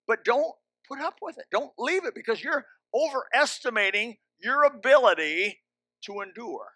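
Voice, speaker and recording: High, bright-voiced preacher hammering commands. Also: male voice, lively intonation, moderate pace, no echo. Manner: emphatic, repetitive commands with joking asides. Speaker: pastor. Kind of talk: sermon. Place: church. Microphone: handheld or stand microphone.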